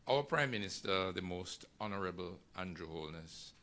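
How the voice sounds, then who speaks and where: Emcee, very deep, forceful tone, gracious. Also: male voice, expressive. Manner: measured, gracious introductions. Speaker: ceremony moderator. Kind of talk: formal ceremony hosting.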